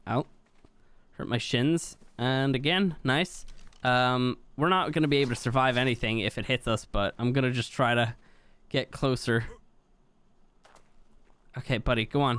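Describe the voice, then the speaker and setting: A young man giving casual gameplay commentary, chatty and exasperated, with sudden high-pitched yelps of surprise. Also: a bit bright, clear, resonant tone. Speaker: gaming YouTuber.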